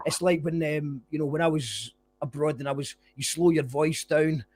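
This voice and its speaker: A man's voice: a little high, moderate pace, a little mellow, breathy edge. A Scottish man hosting a podcast, chatting casually with his guest and laughing easily. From Scotland. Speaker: podcast host. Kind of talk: casual chat.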